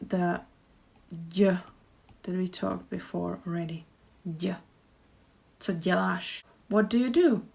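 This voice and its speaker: A woman with a Czech accent teaching pronunciation, speaking slowly and repeating each example phrase with care. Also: fairly low pitch, vocal fry, darkish tone. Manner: slow, careful demonstrations with repeated example phrases. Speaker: language teacher. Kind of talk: pronunciation lesson. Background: birdsong and traffic outside.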